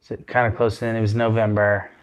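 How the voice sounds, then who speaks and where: A man from Florida, a surfer, speaking as a podcast guest in a relaxed, soft-spoken way. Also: on the low side, fast talker. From Florida, USA. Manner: laid-back and soft-spoken. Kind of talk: casual podcast chat.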